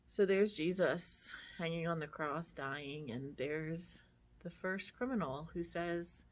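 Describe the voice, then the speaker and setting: A woman's voice: low voice, takes it slowly. A woman pastor giving a casual devotional reflection, talking conversationally with many fillers and asides.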